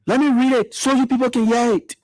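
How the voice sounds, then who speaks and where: A man's voice: very high-pitched, fairly even intonation, brisk, darkish tone, no echo. A man giving fiery political commentary, full of repetition and rhetorical questions. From Liberia.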